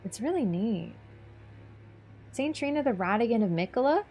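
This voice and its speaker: A woman's voice: fairly high pitch, lively intonation, normal speed, darkish tone, soft background music. A young woman streaming a video game, chatty and casual, swearing and laughing as she talks. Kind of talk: gaming stream commentary.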